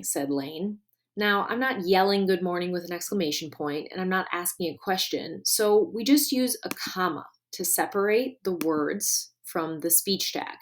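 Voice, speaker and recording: Woman teacher walking through a grammar lesson slow n clear, leans on key words. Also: lowish voice. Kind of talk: recorded online grammar lesson.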